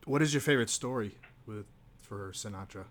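A man's voice: lowish voice, brisk, a bit bright, slight background noise. A man hosting an interview, asking short questions with hesitant restarts. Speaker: interviewer host.

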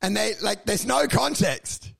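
A young comedian with a high voice that often breaks into a gravelly fry. He chats casually on a podcast, swearing freely and acting out people in mocking voices. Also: a little slow. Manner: crude, swearing, animated storytelling with mocking voices. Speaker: stand-up comedian, podcast co-host.

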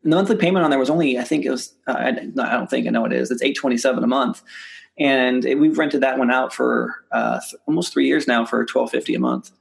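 A man speaks quickly in a gravelly voice as a guest on an interview show. He tells stories about real estate deals, repeats and restarts his words, and jumps up in pitch whenever he acts out what someone said. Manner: animated, acts out quoted dialogue with rising pitch. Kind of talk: casual storytelling in an interview.

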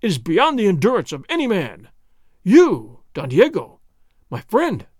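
A man's voice: high-pitched, huge pitch swings, a little slow, darkish tone, breathy edge, dry recording, clean studio sound, full character voice. A man voicing a big, hot-tempered army sergeant who blusters and stammers. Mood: blustering.

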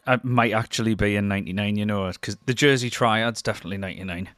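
A man's voice: fairly low pitch, fairly even intonation, quick pace, fairly bright tone, dry recording. A man chatting casually as a podcast co-host, making dry wisecracks. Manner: dry wisecracks, laughs along. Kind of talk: casual wrestling chat.

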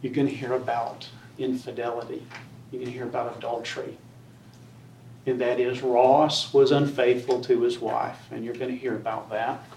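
A man's voice: mid-range voice, level tone, moderate pace. A man argues to a jury in a courtroom, pressing his points by repetition. The audio is roomy and picked up from a distance, with faint room noise behind him. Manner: forceful, repetitive persuasion. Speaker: defense attorney. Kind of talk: courtroom closing argument.

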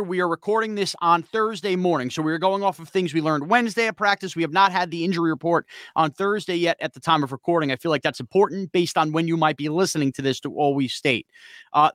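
A man hosting a sports podcast, talking quickly and casually with frequent "uh" fillers. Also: high voice, fairly bright tone, no echo, studio quality. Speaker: podcast host.

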